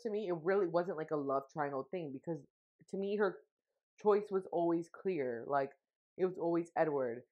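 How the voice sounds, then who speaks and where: Rambling young woman, muffled lo-fi sound. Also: lowish voice. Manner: rambling, many fillers and restarts. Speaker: podcast co-host. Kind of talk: casual chat. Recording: muffled lo-fi recording.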